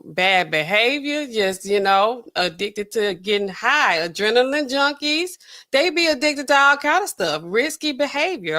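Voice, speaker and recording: A woman hosting a show in casual, rambling commentary, talking in an animated, colloquial way and laughing often. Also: medium pitch. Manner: swings often between loud and quiet.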